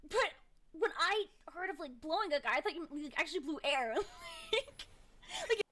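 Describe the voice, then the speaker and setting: A woman streamer telling jokey stories in an animated, dramatic way, heard in a clip. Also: sits high, moderate pace, a little hiss or hum. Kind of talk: casual storytelling chat.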